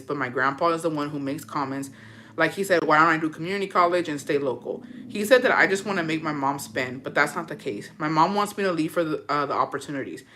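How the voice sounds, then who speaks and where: Woman podcast host, bright tone; frank, slangy, swears easily, reads listener letters in a relaxed chat. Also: sits low. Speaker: podcast host giving advice. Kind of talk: casual advice chat, reading listener letters.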